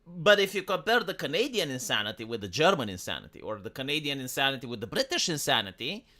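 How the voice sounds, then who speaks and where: Animated, bright-voiced man ranting on stream. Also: mid-range voice, quick pace. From Romania. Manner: profane, animated, full of restarts and "like". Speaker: livestreamer. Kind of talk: casual opinionated livestream rant.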